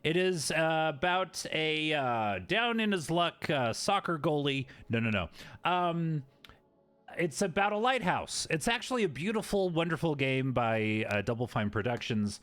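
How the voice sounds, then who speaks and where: A man's voice: fairly high pitch, very animated, a little slow, a bit bright, smooth, faint music behind. A man streaming a game and chatting playfully, riffing on jokes from his chat.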